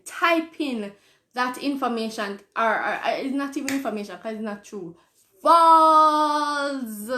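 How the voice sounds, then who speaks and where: A Jamaican woman hosts a live-stream show, reading viewer comments and answering them in an earnest, conversational tone. Her voice sits fairly high, and she repeats phrases for emphasis. The room around her adds a noticeable echo. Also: a bit bright. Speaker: host. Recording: roomy echo.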